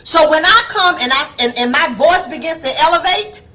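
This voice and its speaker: A woman preaching a fiery devotional sermon, calling listeners baby and rising to shouts. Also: extremely high pitch, lively intonation, normal speed. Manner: acts out soft and stern quoted voices.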